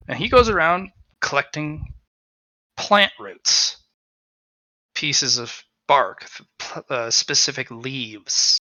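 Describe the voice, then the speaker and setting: A man narrating a tabletop game as game master in a casual, animated storytelling manner. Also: medium pitch, slow pace, no room sound, rough recording.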